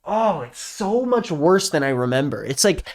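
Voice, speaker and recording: A man's voice: on the high side, very animated, moderate pace. A young man giving reaction commentary as a YouTube commentator, sarcastic and incredulous.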